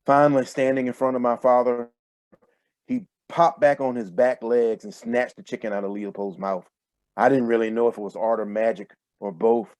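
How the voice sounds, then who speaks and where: A man reading his own first-person fiction aloud in a steady, measured way over a video call. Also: medium pitch, dry recording. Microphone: computer mic on a video call.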